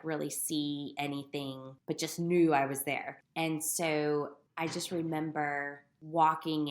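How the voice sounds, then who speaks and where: Low-voiced woman telling her story, echoey. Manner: candid, self-deprecating humor. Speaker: guest sharing her story. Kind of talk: personal storytelling podcast.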